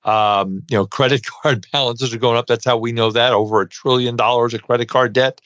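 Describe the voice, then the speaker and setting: A man's voice: medium pitch, steady tone, fairly quick, no echo, muffled recording. A middle-aged man with a New York accent hosting a podcast, chatting casually with many fillers. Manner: chatty, many uh fillers, warm thank-yous. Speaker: podcast host, dental CPA.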